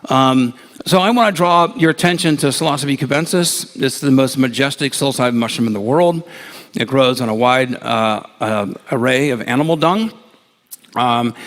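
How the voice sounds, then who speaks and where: A man's voice: medium pitch, fairly bright tone. A man from Ohio gives a talk to a large live audience, telling stories with chuckles and hesitations. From USA (Ohio). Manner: chuckling, rambling storyteller with hesitations. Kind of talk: anecdotal lecture to a live audience. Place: large lecture hall with hundreds of people. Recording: noisy live talk recording.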